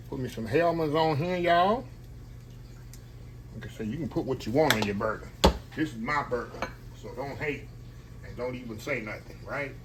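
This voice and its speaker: A man's voice: medium pitch, noisy background. A man who hosts a home cooking vlog, chatting casually and rambling to his viewers while he cooks at his kitchen stove. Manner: chatty, rambling, keeps calling viewers y'all. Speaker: home cook, channel host. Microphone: camera on a tripod. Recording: loud frying sizzle behind the voice. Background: skillet sizzling and frying.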